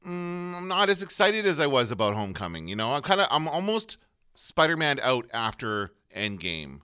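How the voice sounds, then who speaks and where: A man co-hosting a casual podcast chat about movies, rambling and pausing to look things up. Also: mid-range voice, big pitch swings, sharp tone, clear, resonant tone. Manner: rambling, looks things up mid-talk. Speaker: podcast co-host.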